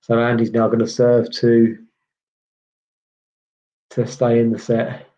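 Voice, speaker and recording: Slow and monotone, this mid-range voice has a dark tone. It belongs to a man from the UK giving casual live tennis commentary, rambling chattily as he handles viewer chat with frequent "um"s. The stream's lo-fi audio is slightly dull.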